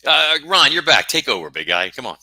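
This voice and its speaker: A man's voice: medium pitch, very animated, a little fast, sharp tone, no echo. A middle-aged American man, a guest author, talking in a rambling, jokey and self-deprecating way on a casual podcast. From United States.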